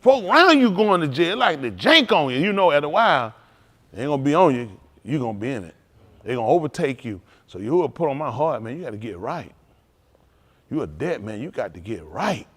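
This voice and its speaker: A male pastor giving an informal, animated testimony sermon at a service, talking straight to the congregation and laughing often. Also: medium pitch, fairly quick, breathy edge. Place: synagogue service.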